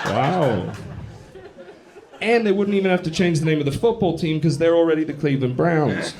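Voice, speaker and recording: A brash young Englishman with an English accent works a live stand-up crowd, swearing and teasing the audience. His voice leaps and dips with wide, lively pitch. Loud laughter from the audience fills the gaps, caught through a handheld stage mic in a theater. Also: fairly quick, noisy background. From England. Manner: brash, profane, mocking crowd banter. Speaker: stand-up comedian. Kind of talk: stand-up comedy set.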